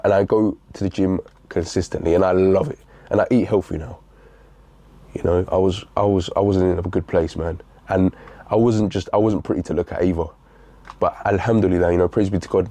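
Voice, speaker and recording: A man's voice: low voice, mellow, dry recording. A young man giving a blunt, repetitive motivational talk, calling the listener bro. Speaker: fitness motivational speaker.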